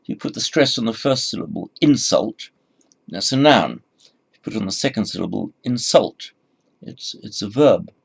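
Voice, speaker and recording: Low gravelly man lecturing, halting and repetitive, restarts his phrases. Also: lively intonation. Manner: halting, repeats words, many fillers. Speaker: Sanskrit teacher. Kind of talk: recorded lecture.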